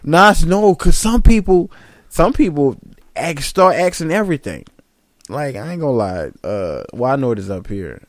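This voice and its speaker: A young man spins slangy, animated stories in casual chat, his pitch swinging widely. The recording is dry and close, with no room sound. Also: normal speed, dry recording. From Southern United States. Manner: animated, slangy storyteller who laughs often.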